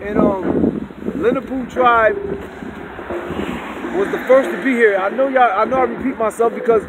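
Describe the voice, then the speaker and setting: A man rambling in a loose, repetitive street monologue while high, outdoors on a city street, recorded on a handheld phone. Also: fairly even intonation, measured pace. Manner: loose, repetitive, swings loud and soft. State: high on marijuana. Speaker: street vlogger. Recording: loud street and wind noise.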